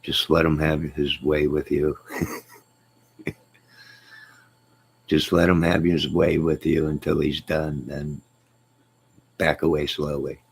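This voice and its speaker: A man's voice: rumbling low, flat delivery, slow, creaky, long pauses, husky. A man hosting a casual live stream, reading viewer comments and joking with them in a teasing, chuckling way.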